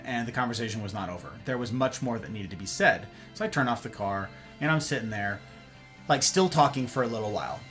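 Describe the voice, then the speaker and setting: A man hosting a livestream, telling a rambling, self-mocking story in a casual, animated way. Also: mid-range voice. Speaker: livestream host.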